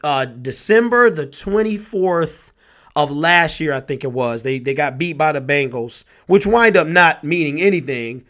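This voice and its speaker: A man's voice: on the high side, lively intonation, unhurried, fairly bright tone. A young man ranting with passion and exasperation about his team's loss, repeating himself as a sports vlogger.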